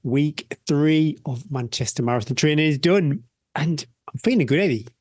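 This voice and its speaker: A man's voice: on the high side, animated, normal speed, darkish tone, dry recording, studio quality. A man hosting a podcast in casual chat, plain-spoken and reflective, often repeating words as he searches for them. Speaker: podcast host.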